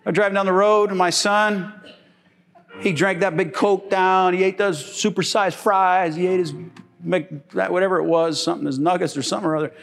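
A middle-aged man preaching a sermon, animated and joking, with sudden high exclamations and laughter. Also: normal speed, vocal fry.

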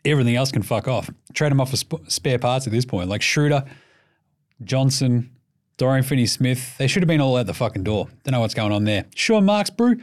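Talking a little fast in a mid-range voice, an Australian man hosts a laid-back basketball podcast. He rambles, jokes and swears his way through casual sports commentary.

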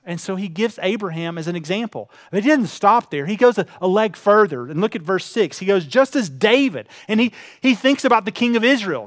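A man preaching a sermon, telling a personal story earnestly, dropping to hushed tones and then building in intensity. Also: high-pitched, dry recording, studio quality. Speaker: pastor.

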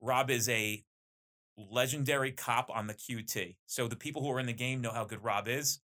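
Animated bright-voiced man. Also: medium pitch, normal speed. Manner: animated, enthusiastic storyteller. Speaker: police training company owner. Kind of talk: casual podcast conversation.

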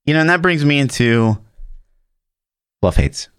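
A man's voice: medium pitch, big pitch swings, unhurried, fairly bright tone, clean tone, no echo, clean studio sound. A man co-hosting a casual gaming podcast, talking bluntly with lots of fillers and swearing. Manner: rambling, filler-heavy, blunt and profane. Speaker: podcast co-host.

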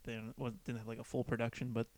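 A man's voice: mid-range voice, little pitch movement, fast, darkish tone, dry recording. A man co-hosting a casual podcast chat, rambling and swearing now and then. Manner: chatty, swearing, acts out quoted people. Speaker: podcast co-host.

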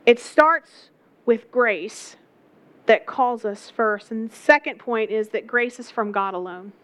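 A woman's voice: fairly high pitch, slow, a bit bright. A woman preaching a sermon, telling a story with emphatic repetition.

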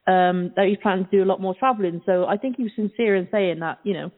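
A woman's voice: medium pitch, fast, hardly any pauses. A British woman from the UK co-hosting a casual talk radio show, chatty and exclamatory. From United Kingdom. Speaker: co-host. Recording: tinny phone-line sound.

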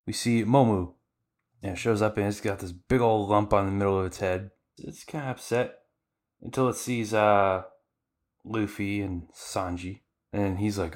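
Low-voiced man recapping anime casually. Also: normal speed. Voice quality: conversational, filler-heavy, animated retelling. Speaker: podcast host.

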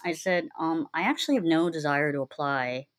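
A young woman with a somewhat low voice tells her own story in a loose, conversational way. She rambles and fills pauses with "um" and "like," and often slips into quoting what she said at the time. She sounds candid and unpolished. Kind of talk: casual personal storytelling.

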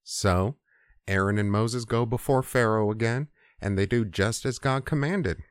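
A man's voice: on the low side, unhurried, clear, resonant tone, dry recording, studio quality. Casual, profane male storyteller. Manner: casual, profane, hesitant fillers. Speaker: podcast host. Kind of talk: crude comedic storytelling.

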